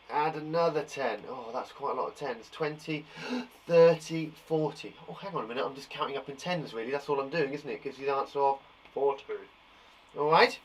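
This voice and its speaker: A male teacher talks young children through their times tables in a live lesson. His voice is on the higher side, and he keeps reassuring them as he counts along. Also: slight background noise, rough recording. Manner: encouraging, chatty and reassuring. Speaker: primary school teacher.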